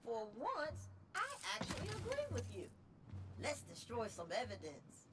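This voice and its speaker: An eager young sidekick in a video game who is thrilled by mischief. Her high voice swoops wildly as she bounces through her lines. Clear game music plays behind. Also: huge pitch swings, measured pace. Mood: gleeful. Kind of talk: video game character dialogue.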